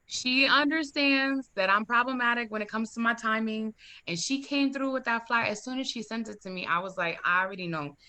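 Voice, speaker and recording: A woman hosting a podcast, talking in an effusive, excitable way and laughing often. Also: a little high, brisk. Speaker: podcast host. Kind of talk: casual chat.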